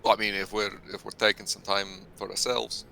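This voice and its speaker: Gravelly guy chatting at a tabletop game, low-ish voice, swears a lot. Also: flat delivery, brisk, bright, forceful tone, slight background noise. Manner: loose, swearing, restarts. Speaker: player. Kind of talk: casual tabletop game chat.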